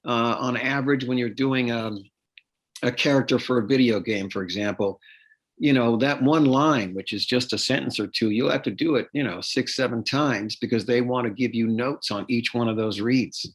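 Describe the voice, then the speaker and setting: In this podcast interview, a male actor talks at a normal speed with a medium-pitched voice. He explains at length, stumbling through many fillers, restarts, and repeated words.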